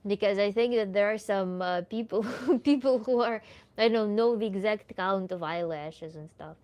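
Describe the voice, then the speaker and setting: A woman with a Russian accent, a native Russian speaker, answering viewers live as a tantra coach in a relaxed, chatty way that is full of little laughs. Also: mid-range voice, moderate pace. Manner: relaxed, chatty, laughs often, many "like" fillers. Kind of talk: livestream Q&A chat.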